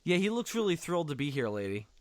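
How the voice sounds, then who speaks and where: A fairly high-voiced man riffs sarcastically through a movie commentary, his pitch swinging widely as he goes. The sound is dry and close. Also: quick pace, no room sound. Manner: animated, sarcastic, swears often.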